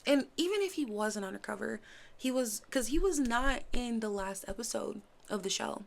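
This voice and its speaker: A woman reviewing a series in casual chat, animated, acting out characters' lines as she recaps. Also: fairly high pitch, moderate pace, creaky. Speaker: show reviewer.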